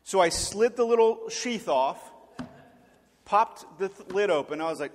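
A man in his forties preaching with a lively, joking storytelling delivery that slips into acted voices. His voice sits a bit higher than most men's, and a long reverb rings around him in a large hall. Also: measured pace, slight background noise. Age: 40s. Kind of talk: storytelling sermon.

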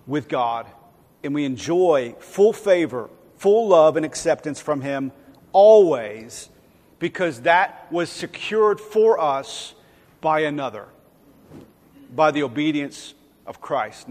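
A man's voice: on the high side, animated, takes it slowly, a little mellow. A man preaching a sermon in a conversational way, acting out quoted voices now and then. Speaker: pastor. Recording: long hall reverb.

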